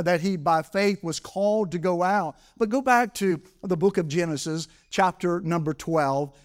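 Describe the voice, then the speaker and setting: High-voiced preacher man. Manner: preaching with emphatic repetition; reads scripture slowly in old English. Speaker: pastor. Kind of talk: sermon. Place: church service.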